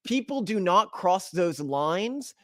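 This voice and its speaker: A man's voice: high-pitched, very animated, takes it slowly, fairly bright tone, dry recording. Dry-sounding analytical male podcast host. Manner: analytical, breaks down points for listeners. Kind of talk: conversational interview.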